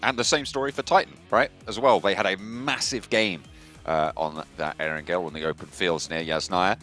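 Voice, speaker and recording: A man co-casting an esports match in a lively, casual way. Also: low-pitched, normal speed, faint music behind. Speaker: caster. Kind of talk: esports commentary.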